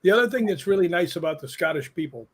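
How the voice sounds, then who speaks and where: Husky man telling stories. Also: high voice, fast talker. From United States. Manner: animated storyteller who acts out quoted people. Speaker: guest, stunt coordinator and paranormal investigator. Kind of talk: casual anecdote telling.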